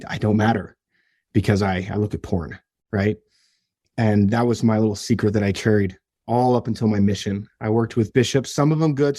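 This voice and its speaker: A young man with a low, dark-toned voice is heard in a dry, clean studio recording. A podcast guest, he tells his own story in an interview, earnest and emotional, often restarting his sentences.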